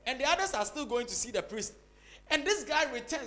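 Pastor guy preaching, high bright voice, goes loud then quiet. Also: lively intonation, brisk. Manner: dramatic, swings from loud cries to soft asides. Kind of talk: sermon.

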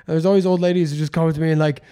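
A man with a high voice chats casually on a comedy podcast. He talks in slangy, loose phrases and speaks quickly. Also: steady tone, mellow, clean tone.

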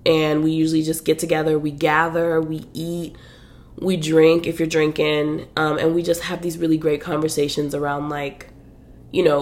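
Woman podcast host, slightly low voice, loose and chatty, slangy casual delivery. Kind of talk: casual chat about books.

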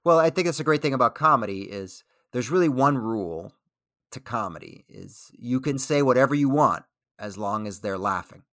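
A man, a comedian and military veteran, answering interview questions in a thoughtful, measured way with frequent restarts. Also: mid-range voice, animated, sharp tone, no echo, studio quality. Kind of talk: casual interview.

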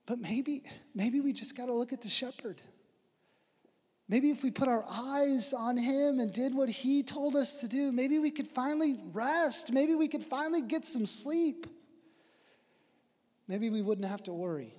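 A man with a strikingly high voice delivers a sermon. He is earnest, pushing up into emphatic preaching and then falling quiet and low. A long hall reverb trails his words. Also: measured pace. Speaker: pastor.

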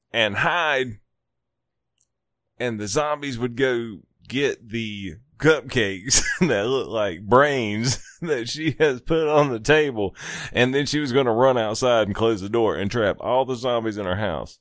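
A man's voice: mid-range voice, dry recording, studio quality. A man hosting a casual radio show, rambling and chuckling, with casual swearing as he tells a story. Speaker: radio host.

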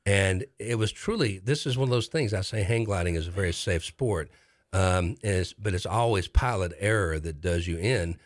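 A man telling a story in casual chat, rambling and halting with many restarts. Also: deep voice, no room sound, studio quality. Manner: animated storyteller.

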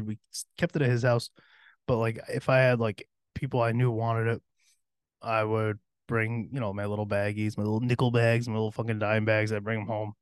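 A man's voice: medium pitch, clean tone, dry recording, clean studio sound. A young man hosting a podcast, telling a rambling, profanity-laced story from his teen years and laughing along. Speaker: podcast host. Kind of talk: casual storytelling.

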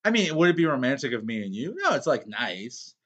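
A man's voice: medium pitch, fairly quick, dull audio. A man in his thirties co-hosting a casual podcast, rambling and swearing freely. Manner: rambling, profane, animated. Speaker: podcast co-host. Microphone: podcast microphone.

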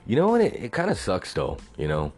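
A man's voice: fairly low pitch, wildly swooping pitch, fairly quick, darkish tone, soft background music. A young man from Texas, ranting bluntly and profanely in a casual venting monologue. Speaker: vlogger.

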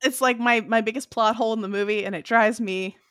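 A woman chatting casually about a movie, animated and opinionated, laughing often. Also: on the high side, a little fast, clean tone, no echo, studio quality. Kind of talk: casual movie review chat.

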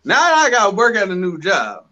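A man's voice: high-pitched, wildly swooping pitch, fairly quick, sharp tone, muffled recording. A man co-hosting a casual talk show, telling his story emphatically with lots of slang. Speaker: podcast co-host. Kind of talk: casual chat.

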